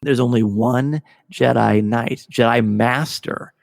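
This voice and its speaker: A man hosting a casual podcast discussion, gushing and excitable as he tells a story. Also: mid-range voice, takes it slowly, creaky, dry recording, studio quality, long reverb tail. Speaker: podcast host.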